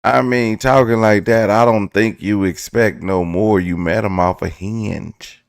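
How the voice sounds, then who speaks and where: Low gravelly dude ranting on his storytime vlog, dry close mic. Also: fairly even intonation, measured pace, no echo. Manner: loose and joking, breaks into laughs, mimics voices. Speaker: vlog host. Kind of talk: casual storytime commentary.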